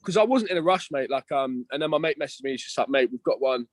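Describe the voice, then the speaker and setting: A man's voice: on the high side, animated, fast talker, no room sound. A young man chatting casually as a podcast guest, slangy and swearing, calling everyone "mate" and "bro".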